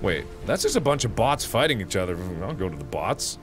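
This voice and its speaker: A man streaming a game live, joking and yelling at enemies, then dropping to low mutters. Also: brisk, over music. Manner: excitable, jokey, yells at enemies then mutters.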